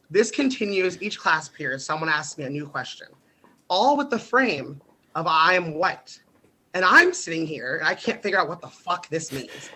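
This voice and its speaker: Animated high-voiced young man. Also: normal speed, poor audio. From United States. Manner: animated, laughs often, swears freely. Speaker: podcast guest. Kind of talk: casual storytelling.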